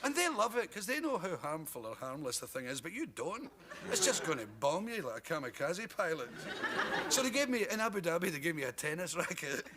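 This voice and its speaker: A Scottish man in his thirties spins talk-show stories, his voice swooping up and down as he laughs through the punchlines. He sits in a TV studio, and the old broadcast carries a heavy hiss of noise under him. His pitch sits a little high for a man. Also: big pitch swings, fairly quick. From Scotland. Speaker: comedian guest. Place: TV studio with audience.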